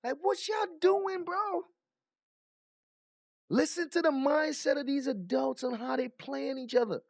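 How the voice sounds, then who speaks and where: A man's voice: very high voice, measured pace, gravelly, darkish tone, no room sound, studio quality. A man giving casual reaction commentary, incredulous and mocking, swearing and laughing as he talks. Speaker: commentary vlogger.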